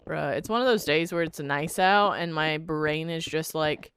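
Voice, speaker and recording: A woman's voice: low voice, fairly even intonation, moderate pace, few pauses, a bit bright, slight background noise. A woman streaming a game and chatting casually with a laid-back drawl and a stuffy nose, speaking into a desk microphone. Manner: laid-back, drawling, frequently says "bruh". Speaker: live streamer. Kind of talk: casual chat while gaming.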